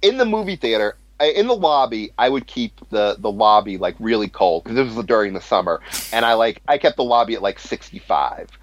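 Animated, profane man telling a story. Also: lowish voice, brisk, few pauses, dry recording. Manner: animated, profane, laughing at his own story. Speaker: storyteller, former cinema manager. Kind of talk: casual podcast storytelling. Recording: dull lo-fi sound.

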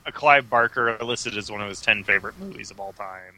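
A man's voice: on the low side, brisk, sharp tone, a little hiss or hum. A man co-hosting a casual film podcast, sharing film trivia and news. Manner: informative, film-trivia heavy. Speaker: podcast co-host.

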